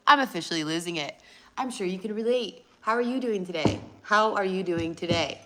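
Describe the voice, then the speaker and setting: A woman's voice: mid-range voice, animated, fairly quick. Rambling profane woman vlogger. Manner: rambling, profane, erratic swings from murmurs to loud bursts. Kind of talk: rambling casual vlog talk.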